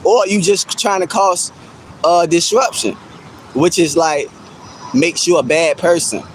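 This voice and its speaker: High-voiced man teasing his stream chat. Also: unhurried, a little hiss or hum, poor audio. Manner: teasing, laughing at chat, repeats himself. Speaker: livestreamer reacting to chat. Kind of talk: casual livestream chat. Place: outdoors.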